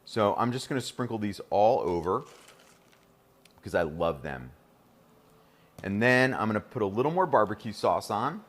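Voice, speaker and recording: A man's voice: lowish voice, sing-song, normal speed, long pauses. A middle-aged man with a New Jersey accent, hosting a live cooking demonstration in a kitchen and chatting enthusiastically to viewers. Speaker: chef and host.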